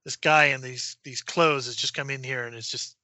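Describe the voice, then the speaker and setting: A man running a tabletop horror game as game master, narrating with halting fillers and dropping to a whisper for eerie moments. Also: mid-range voice, fairly even intonation, sharp tone, dry recording, dull audio. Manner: halting, many fillers, drops to a whisper for spooky parts.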